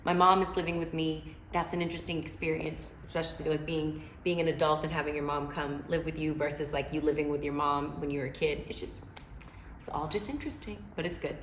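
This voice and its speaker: A woman's voice: deep voice, fairly even intonation, fairly quick, reverberant, a little hiss or hum. A woman singer chatting from home as she answers fan questions, loose and slangy with plenty of filler. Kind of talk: casual chat. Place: her home.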